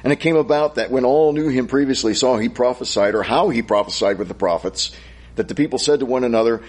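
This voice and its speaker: A man teaching a Bible study, reading scripture slowly and solemnly, then thinking aloud and asking rhetorical questions. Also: mid-range voice, husky.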